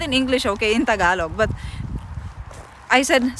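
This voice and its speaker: A Filipino woman livestreams outdoors in a city, telling a long story in a loose, rambling way. Her voice goes loud and high when she gets worked up. Traffic and street noise run clearly behind her. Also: lively intonation, normal speed, pauses often. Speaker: travel streamer. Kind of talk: casual IRL livestream storytelling.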